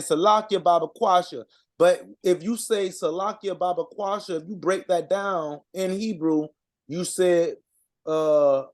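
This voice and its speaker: A man giving an informal language lesson, reading out word lists and sounding out words with halting pauses and fillers. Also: on the high side, a little mellow. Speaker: co-presenter reading out vocabulary.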